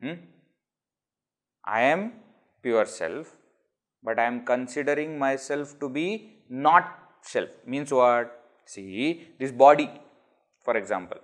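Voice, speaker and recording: A man's voice: mid-range voice, lively intonation, takes it slowly, pauses often. A man with an Indian English accent giving a scripture discourse, explaining with rhetorical questions and everyday examples. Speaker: spiritual teacher.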